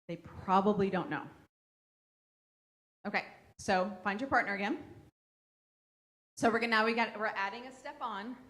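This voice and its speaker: A woman's voice: mid-range voice, fairly bright tone. A woman leading a parent workshop in a school room, talking conversationally to the audience and checking in with a frequent "okay?" as she acts out what kids and parents say. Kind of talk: interactive parent workshop talk.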